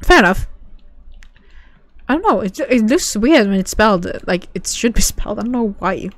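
A woman's voice: mid-range voice, lively intonation, normal speed, dry recording. Giggly woman streamer chatting to viewers. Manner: giggly, chatty, reacts to chat. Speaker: game streamer. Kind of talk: casual livestream chat.

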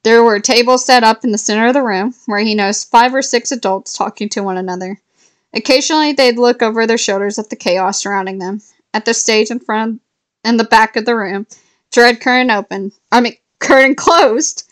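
A woman casually reading a novel aloud, stumbling and correcting herself now and then, with a lift in pitch for quoted lines. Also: a little fast. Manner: unpolished reading with restarts and self-corrections. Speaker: reader of a novel. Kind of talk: casual read-aloud storytelling.

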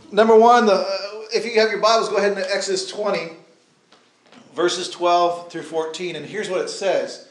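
A man's voice: high-pitched, echoey room. A man preaching a sermon in a conversational way, with asides to the congregation. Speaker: pastor. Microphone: handheld or stand mic.

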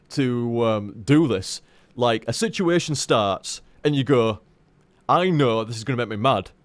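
A man's voice: medium pitch, no echo. A man in frank, rambling live-stream chat, swearing freely and restarting his sentences as he talks to viewers.

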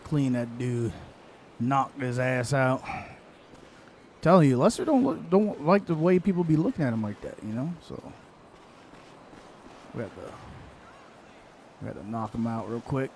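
Lively young man streaming a game. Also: medium pitch, moderate pace, long pauses, a little hiss or hum. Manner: loud, taunting and repetitive when worked up. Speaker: streamer playing online role-play. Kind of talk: casual live commentary while gaming.

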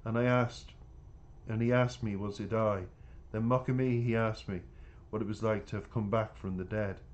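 Low-voiced man reading his story. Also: steady tone, muffled recording. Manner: unhurried, plain reading with small stumbles. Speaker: author reading his book. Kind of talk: first-person audiobook narration.

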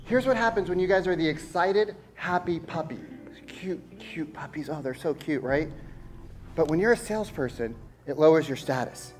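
Man, sales coach on stage, slightly high voice, animated, quizzes the crowd, faint music underneath. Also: a little fast. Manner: animated, rhetorical, asks the room questions. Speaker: sales trainer. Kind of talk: stage talk to an audience. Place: stage before a live audience.

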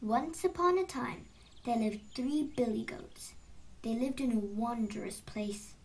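A woman narrating an illustrated storybook in a slow, expressive read-aloud style, heard from a distant mic. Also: on the high side, gravelly.

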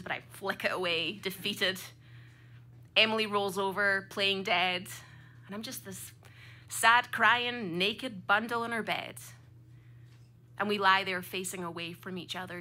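A woman's voice: mid-range voice, fairly even intonation, a little slow, pushed and bright. A Scottish woman around thirty performing a personal story live on a club stage, with a vivid, comic, dramatic delivery. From Scotland.

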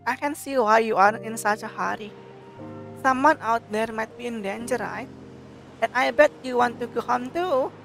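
A woman's voice: on the high side, normal speed, gravelly, faint music behind. A woman reading the lines of an anxious, earnest young woman in a game.

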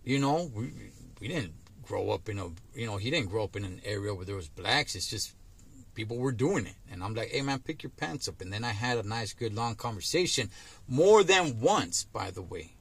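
Middle-aged guy from so-cal, husky voice, laid-back slangy vlog talk. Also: on the low side, animated, moderate pace, a bit bright. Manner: laid-back street slang, frequent "man" and "dog". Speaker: trucker vlogger. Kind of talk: casual monologue to camera.

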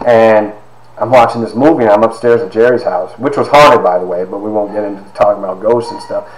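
A man in his fifties giving a personal testimony, halting with fillers and acting out quoted dialogue. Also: on the low side, crowd noise. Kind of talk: personal storytelling talk. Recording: roomy echo.

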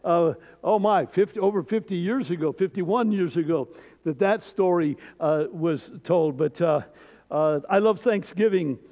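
High-voiced older pastor telling folksy stories. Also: male voice, unhurried, warm tone. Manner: folksy storytelling, frequent hesitations. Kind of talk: sermon. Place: church sanctuary. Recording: dull church recording with long reverb.

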